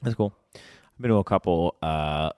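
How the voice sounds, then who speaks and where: A man's voice: low voice, normal speed, mellow, clean tone, no room sound, clean studio sound. A man co-hosting a podcast in casual chat, rambling and searching for words as he talks. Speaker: podcast co-host.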